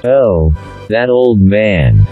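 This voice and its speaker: A man's voice: on the low side, big pitch swings, very slow, gravelly, narrow, tinny audio, soft background music, exaggerated voice. A man reading as a wise old islander. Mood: explaining.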